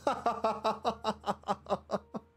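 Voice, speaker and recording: A sick male game streamer, reading game dialogue aloud and reacting in an animated way. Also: high voice, extremely slow, husky, faint music behind. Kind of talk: livestream gameplay commentary and dialogue reading.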